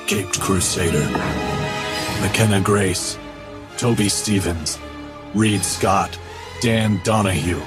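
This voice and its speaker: Grim masked hero, low and measured, trailer read over a music bed. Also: male voice. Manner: low, slow, deliberately deepened delivery. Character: Batman, grim adult male masked hero. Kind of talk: animated series trailer voice-over.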